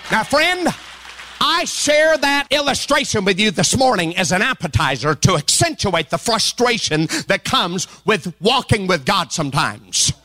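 High, bright-voiced preaching man. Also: animated, unhurried. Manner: preaches with rising, sing-song emphasis and shouts; acts out quoted voices with humor. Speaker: pastor. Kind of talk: sermon.

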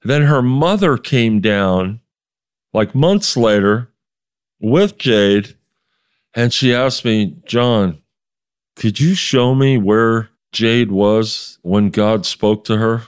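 A man's voice: lowish voice, animated, takes it slowly, clean tone. A man, a street preacher, telling a story in an interview with emphatic delivery, acting out the voices of the people in it. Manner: emphatic, quotes others in dialogue, many restarts.

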